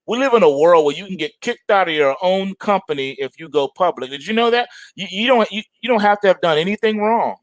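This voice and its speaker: A man hosting a casual stock market show, ranting in animated, slangy asides. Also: high-pitched, a little fast, few pauses, no echo.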